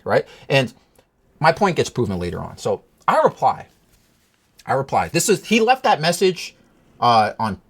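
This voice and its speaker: A vlogger rambles through a rant about a breakup, swearing freely and repeatedly asking "you know what I'm saying" to check the listener follows. The husky, slightly rough voice swings widely in pitch, from low, weary mutters to sharp high peaks.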